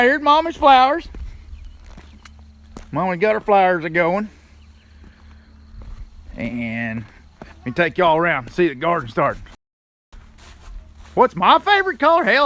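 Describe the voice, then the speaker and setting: A man's voice: extremely high pitch, bright, forceful tone. A man chatting casually on a live stream, folksy and greeting viewers by name, talking into a handheld phone while walking around his yard. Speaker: livestreaming channel host. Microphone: phone held in hand.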